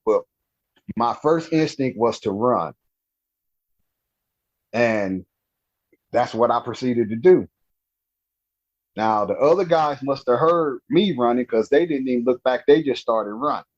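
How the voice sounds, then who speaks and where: A man's voice: medium pitch, animated, darkish tone. Man telling a story, lo-fi sound. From Louisiana. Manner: slow, halting storytelling with restarts and acted-out dialogue. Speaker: guest telling an encounter story. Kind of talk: storytelling interview.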